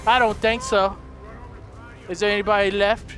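High-pitched excitable male gamer. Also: moderate pace. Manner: loud, excitable, swearing, shouting at the game. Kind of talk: let's play commentary. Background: game music.

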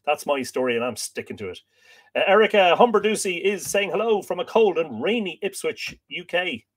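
A man's voice: sits high, animated, a little fast. An Irish man hosting a casual livestream, greeting viewers by name and making jokes as he reads out their comments. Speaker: livestream host.

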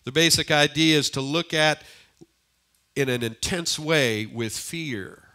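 An older male pastor preaching in a church, his voice bright and a little high. He moves between forceful emphasis and quiet near-whispers, and repeats key lines. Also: slow. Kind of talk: sermon. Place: church sanctuary.

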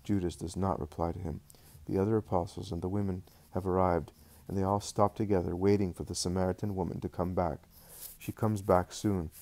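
A man narrates a devotional book in a calm, measured reading. His voice is low and dark. The recording is dry and close. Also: no echo. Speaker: audiobook narrator.

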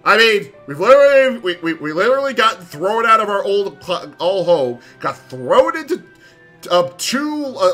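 A high, bright, lively male voice that is a little husky at the edges. He is an excitable streamer who keeps breaking into profane, laughing commentary, with faint music playing behind him. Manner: excitable, swearing, laughing asides. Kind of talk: reading a game story aloud with commentary.

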